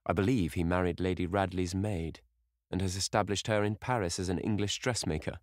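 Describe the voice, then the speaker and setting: A man voicing a vain, bored young gentleman who speaks in a languid, petulant way, lifting his voice above his own low register. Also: steady tone, a little fast, no room sound, clean studio sound, close to an everyday voice.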